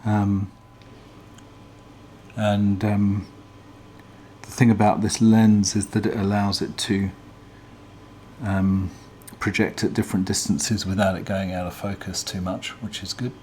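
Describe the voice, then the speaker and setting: A man hosts a casual teardown video, explaining each part in a relaxed, hesitant way with plenty of ums. His voice is low-pitched, and a faint noise runs underneath. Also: measured pace, pauses often. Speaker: vlog host.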